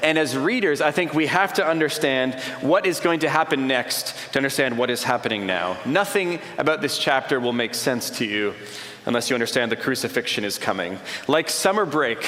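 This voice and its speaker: A man's voice: mid-range voice, expressive, fairly quick, fairly bright tone. A man preaching a sermon in a conversational way, building his points with repeated short phrases. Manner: conversational, plays out imagined dialogue. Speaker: pastor. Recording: long reverb of a large hall.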